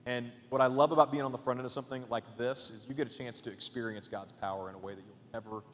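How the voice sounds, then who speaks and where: A man preaching a sermon as a guest pastor in a church, casual and chatty, swinging between loud emphatic points and hushed asides. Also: medium pitch, steady tone, fast talker, in a large hall, a little hiss or hum. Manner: casual, chatty with fillers and jokes. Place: church auditorium.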